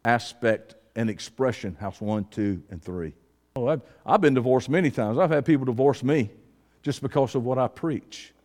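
A man preaching a sermon to his congregation with a Southern Georgia accent, folksy and calling out to the room. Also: mid-range voice. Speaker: pastor. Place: church hall. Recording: preaching in a reverberant hall.

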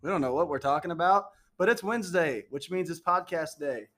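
A man's voice: a little high, a bit bright. A man co-hosting a podcast in casual banter, joking and swearing as he talks. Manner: joking, profane, quick to goof around. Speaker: podcast co-host. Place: studio or room with phones near the mic.

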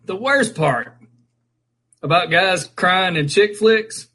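A man in a casual chat, animated and profane, quick to mock what he describes. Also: high-pitched, rough recording.

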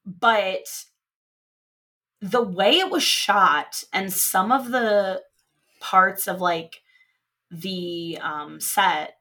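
A woman's voice: fairly low pitch, bright, forceful tone. Chatty young woman recapping a movie. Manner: laughing often, quoting characters in passing. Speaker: podcast co-host. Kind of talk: casual movie recap chat.

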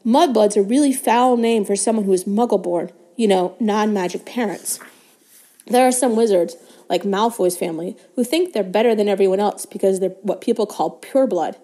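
A woman voicing a sickly young schoolboy wizard, hoarse and indignant, in a storybook reading. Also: medium pitch, moderate pace, mellow, close to an everyday voice.

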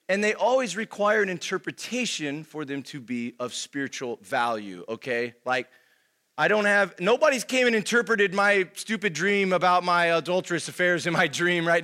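A young man with a high, bright voice teaches a congregation in a loose, chatty sermon. He fills his talk with "like" and "man" and keeps asking his listeners "right?" as he goes. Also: sing-song, normal speed. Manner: conversational, keeps asking "right?", lots of fillers. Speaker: pastor.

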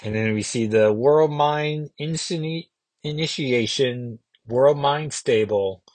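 A man's voice: medium pitch, takes it slowly, a little mellow, no room sound. A man hosting a comic book podcast, recapping an issue in a casual, musing way and thinking aloud with small restarts.

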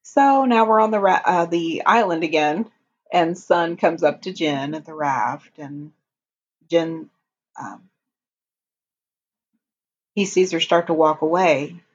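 A woman casually recapping a TV episode for a podcast, retelling the plot in an unhurried way with frequent ums. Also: lowish voice, expressive, breathy edge. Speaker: podcast co-host. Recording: dull lo-fi audio.

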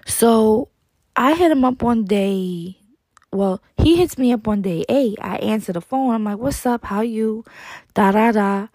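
A woman tells a dating story straight to the listener, swearing freely and acting out what each person said. Her voice has a gravelly, fry-laden edge. The sound is dry and close, with no room around it. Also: mid-range voice, measured pace, dry recording. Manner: animated, profane, mimics quoted dialogue. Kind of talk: casual storytime monologue.

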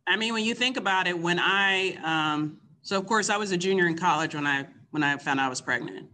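The host's mother, a woman in her fifties from Kentucky, frankly tells her own story in casual conversation and laughs often. Her voice is lowish and sharp, a little fast, with slight background noise.

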